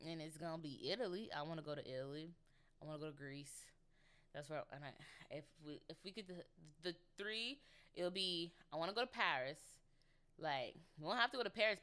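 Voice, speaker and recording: A woman's voice: low voice, bright, forceful tone, smooth. A woman in her twenties hosting her own podcast, chatting casually and rambling with playful, giggly asides. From United States. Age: 20s. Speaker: podcast host. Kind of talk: casual solo chat.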